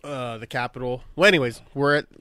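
Bright-voiced young man telling stories. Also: medium pitch, a little fast, dry recording. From California. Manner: profane, laughing, animated anecdote-teller. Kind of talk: casual storytelling chat.

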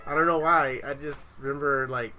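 A man's voice: medium pitch, steady tone, moderate pace, sharp tone, soft background music, rough recording. A young man in casual chat, loose and laughing, swearing now and then.

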